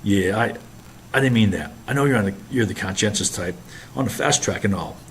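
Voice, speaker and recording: A man's voice: on the low side, animated, a little fast, slight background noise. A man reading a bitter, scheming young naval officer who snaps orders and puts on forced friendliness. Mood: falsely friendly.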